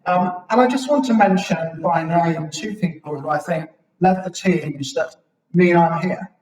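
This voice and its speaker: A British man in his sixties giving a reflective public talk at a local history evening, halting now and then with ums. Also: a little high, darkish tone, faint music behind. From Britain. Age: 60s. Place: chapel hall. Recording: echoey chapel, mic at a distance.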